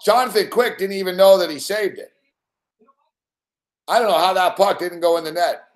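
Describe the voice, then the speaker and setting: A man hosting a late-night sports betting rant, swearing and yelling excitedly at the game while telling stories. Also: high-pitched, normal speed. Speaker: sports betting show host. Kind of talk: live rant while watching games.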